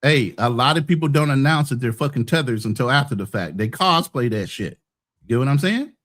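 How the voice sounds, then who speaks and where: A man's voice: mid-range voice, expressive, a little fast, fairly bright tone. A man from the United States, hosting a podcast, arguing bluntly with frequent profanity in a heated debate. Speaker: podcast host.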